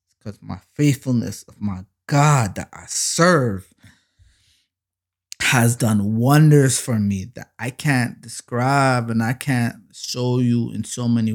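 A man hosts a faith podcast in a mid-pitched voice. He talks like a friend, full of slang and fillers, then rises into emphatic, drawn-out preaching whenever he gets to praise. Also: vocal fry. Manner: preachy and emphatic, swells louder on praise lines. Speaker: podcast host. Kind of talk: faith-based podcast monologue.

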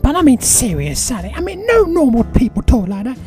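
A woman's voice: sits high, very animated, a little fast, warm tone. A woman voicing a blunt, cheeky nanny who calls everyone honey, with faint guitar music behind her. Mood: sassy.

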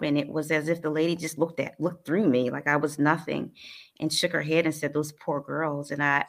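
A woman from New Jersey speaks as an interview guest in a low, fairly level voice. She recounts her personal story in an earnest, halting and emotional manner, with frequent restarts. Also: gravelly, fairly bright tone. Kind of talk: personal life story in conversation.

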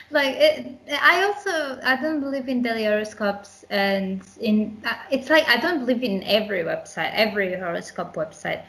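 A woman's voice: on the high side, animated, normal speed, vocal fry, fairly bright tone, poor audio. Young woman podcast cohost, kinda hesitant, restarts a lot, laughs between bits. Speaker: podcast co-host. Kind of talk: casual chat.

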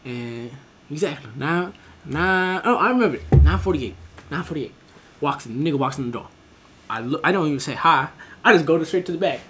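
Give me a laughing, swearing young man telling a story with a lively, swinging voice. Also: a little high, brisk, a little hiss or hum. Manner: animated, laughing often, swearing. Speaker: storyteller among friends. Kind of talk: casual chat, storytelling.

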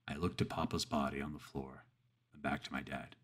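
Deep, husky male horror narrator. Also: flat delivery. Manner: earnest, measured, with pauses and restarts. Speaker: storyteller. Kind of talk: horror story narration and reflective commentary.

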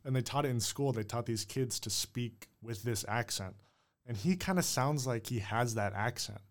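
A man's voice: mid-range voice, normal speed. A man hosting his own show, musing aloud in a rambling, unsure way full of hedges. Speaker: host. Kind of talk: casual solo monologue.

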